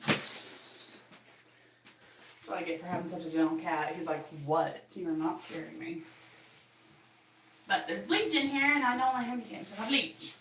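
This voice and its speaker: A woman's voice: medium pitch, fairly even intonation, normal speed, pauses often, bright, forceful tone. A woman hosting her channel, chatting casually and laughing often as she cleans her bathroom and talks to her cat. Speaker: channel host chatting with live viewers. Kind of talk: casual chat while cleaning. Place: home bathroom. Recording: echoey bathroom, voice from far off, faint background noise.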